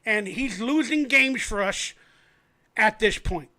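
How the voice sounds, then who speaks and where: A man hosting a fan livestream, telling a story in an animated, rambling way. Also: sits high, slow pace. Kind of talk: casual sports commentary.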